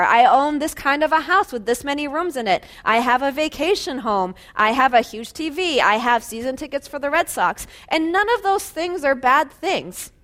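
A woman's voice: high voice, a bit bright. A woman preaching a sermon in a conversational way, asking listeners rhetorical questions and laughing lightly between phrases.

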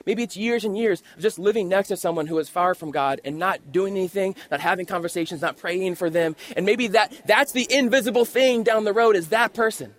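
A man with a high-pitched voice gives a sermon at a church service. He reads scripture aloud and then unpacks it step by step, talking to the congregation in a relaxed, conversational way. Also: a little fast, few pauses. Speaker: pastor.

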